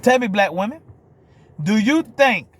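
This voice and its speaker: Vlogger, male, New Orleans accent, slightly higher voice, blunt and profane camera rant. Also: very animated, measured pace, slightly rough. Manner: blunt, profane, keeps asking "you hear me?". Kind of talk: ranting monologue to camera.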